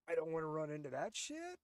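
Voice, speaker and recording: A man's voice: fairly high pitch, clean tone, no room sound. A man hosting his own commentary show from home, ranting bluntly and sarcastically with plenty of swearing, recorded close on a headset. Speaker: host. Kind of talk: casual commentary.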